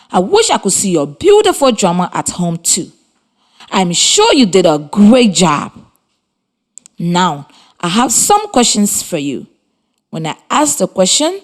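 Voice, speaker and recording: A woman, giving a scripted radio lesson for children in slow, deliberate, encouraging instructions. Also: on the low side. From Liberia. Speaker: radio teacher.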